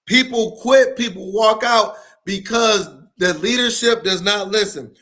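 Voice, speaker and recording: Speaking alone to the camera, a man gives an emphatic, passionate talk on school leadership and repeats his main points to drive them home. He's an education speaker whose voice sits high and sounds pushed and bright, at a slightly slow pace.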